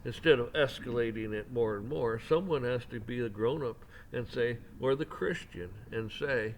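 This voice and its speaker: A man's voice: medium pitch, normal speed, a little hiss or hum. A man hosting a commentary channel, giving a casual opinion rant, rambling and often repeating and restarting his words.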